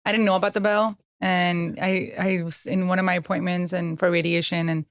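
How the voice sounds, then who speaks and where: A woman's voice: lowish voice, flat delivery, fairly quick, no echo, studio quality. A woman guest telling her own story in a candid, earnest way, with many fillers. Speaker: guest, cancer survivor.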